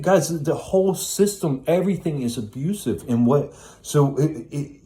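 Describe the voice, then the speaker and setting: A man's voice: mid-range voice, warm tone. A middle-aged man speaking in a blunt, preachy self-help monologue, swearing often. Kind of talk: casual monologue.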